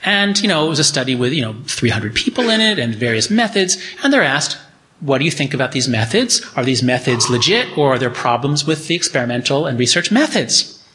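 A man's voice: medium pitch, sing-song, fairly quick, bright, forceful tone, a little hiss or hum. A middle-aged man lecturing, reading from his own book and acting out quoted voices with animation.

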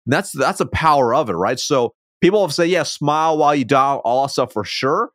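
A man being interviewed as a sales coach, a self-described fast talker who stumbles and restarts his words, speaking over a video call. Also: a little high, animated, a bit bright, dry recording, clean studio sound. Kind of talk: conversational interview.

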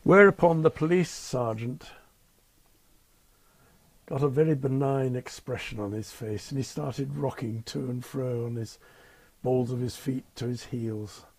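A man's voice: mid-range voice, measured pace, darkish tone, no room sound. An older man, a retired airline captain telling wry, understated stories in an interview. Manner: wry, understated, dryly amused. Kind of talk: anecdotal interview storytelling.

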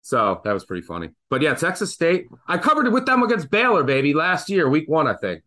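A man co-hosting a sports betting podcast, telling stories in a lively, joking way. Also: fairly high pitch, brisk. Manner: animated, joking storyteller. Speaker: podcast co-host. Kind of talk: casual sports betting chat.

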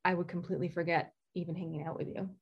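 A woman telling a candid personal story, halting and restarting often with fillers. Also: on the low side, level tone, breathy edge, muffled recording. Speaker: guest sharing recovery story.

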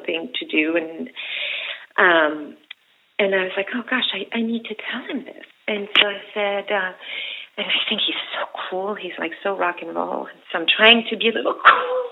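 Woman guest, chatty storyteller with a gravelly edge, heard over a thin phone-like line. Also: lowish voice, normal speed. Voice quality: animated, rambling with many fillers. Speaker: actress guest. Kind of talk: casual storytelling. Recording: tinny phone-like sound.

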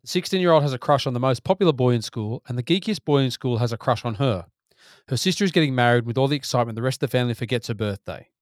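A man co-hosting a casual movie podcast, relaxed as he runs through plot summaries. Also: mid-range voice, rapid-fire, no room sound, clean studio sound. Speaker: podcast co-host.

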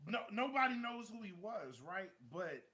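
A man in his thirties, a podcast co-host, telling a story in casual chat, laughing often and acting out shouted quotes. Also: sits high, sing-song, moderate pace, a little hiss or hum.

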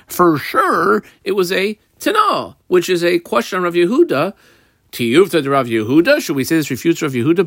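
A man's voice: fairly high pitch, no room sound. A man teaching a daily Talmud class, reading Aramaic phrases and explaining them in casual English. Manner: animated, mixes Hebrew-Aramaic terms into English explanation.

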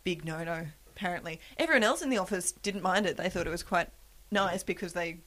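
A woman's voice: lowish voice, a little fast, a bit bright. A young woman hosting a podcast, telling self-deprecating work stories and laughing often. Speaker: podcast host. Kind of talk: casual chat.

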